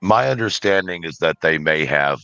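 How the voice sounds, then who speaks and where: A man speaking as a panel guest on a livestream, in a measured, cautious way with frequent ums. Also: sits low, expressive, vocal fry, sharp tone, clear, resonant tone, dry recording. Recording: dull lo-fi dry call audio.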